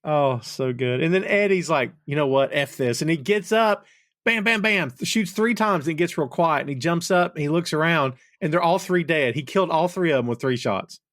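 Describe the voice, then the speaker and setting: Man, podcast host, fairly high voice, excitable, laughs a lot. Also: moderate pace, dry recording, clean studio sound. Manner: enthusiastic, laughs often, says "dude". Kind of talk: casual film review chat.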